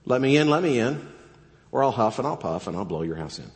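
A man's voice: mid-range voice, big pitch swings, fairly quick. A man voicing a blustering big bad wolf from a children's story, with a theatrical, threatening manner in a church sanctuary. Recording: long church reverb.

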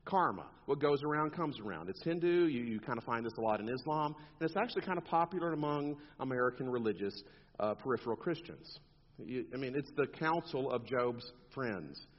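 A man's voice: mid-range voice, fairly quick. A man preaching a sermon, talking animatedly and putting on mocking quoted voices as he makes his points. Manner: animated, rhetorical, mock quotes in asides. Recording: dull long-reverb hall sound.

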